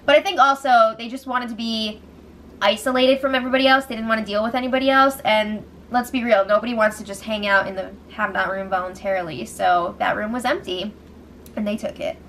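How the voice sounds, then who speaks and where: A woman's voice: a little high, a little fast, a little hiss or hum. Giggly woman recapping reality TV. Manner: chatty, giggly, animated retelling with quoted voices. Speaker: show recap host. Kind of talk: casual spoiler recap.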